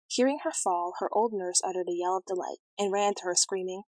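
A woman reads an old fairy tale aloud at a measured pace, clear and expressive. Her voice sits at an ordinary middle pitch. The recording is close and dry, with no room sound. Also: no echo, rough recording. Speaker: storyteller. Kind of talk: storybook reading aloud.

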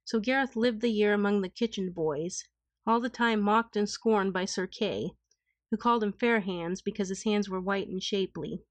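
A woman reading an old tale aloud in a calm, even, formal way. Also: medium pitch, moderate pace, no room sound. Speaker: audiobook narrator. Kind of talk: scripted storybook narration.

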